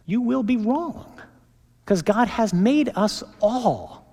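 A man preaching and leading a prayer as a priest at a parish mission, emphatic and drawing key phrases out slowly. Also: high voice, expressive, warm tone. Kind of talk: sermon and led prayer. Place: large church. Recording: long church reverb.

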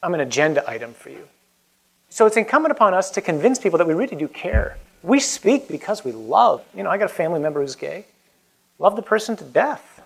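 A man's voice: fairly high pitch, big pitch swings, quick pace, gravelly, a bit bright, husky. A man who is a Catholic priest, giving an earnest, emphatic and informal talk that moves into a prayer. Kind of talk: conversational preaching and prayer.

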